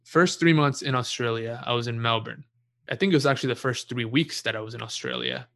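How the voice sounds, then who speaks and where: A young man with a bright, forward voice tells a story in an easygoing, unhurried way. He swears freely and laughs at his own mishaps, like a guest on a chatty podcast. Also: mid-range voice, creaky. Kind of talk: casual storytelling.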